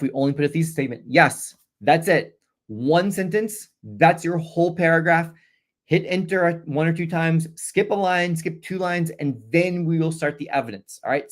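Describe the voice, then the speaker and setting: A middle-aged man teaching on a livestream, reading questions from chat and answering in an earnest way, often repeating his points for emphasis. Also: mid-range voice.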